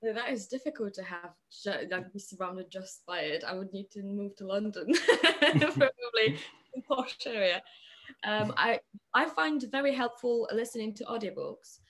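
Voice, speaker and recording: A young woman from Poland with a Polish accent, chatting as a podcast guest, hesitant, with many pauses and restarts. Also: mid-range voice, fairly bright tone. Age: young adult. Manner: hesitant, many fillers and restarts, laughs often. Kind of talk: casual podcast chat.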